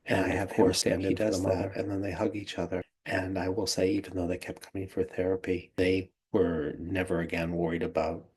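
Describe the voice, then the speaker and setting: Male therapist, lowish husky voice, calm reflective storytelling about a case. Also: fast, hardly any pauses.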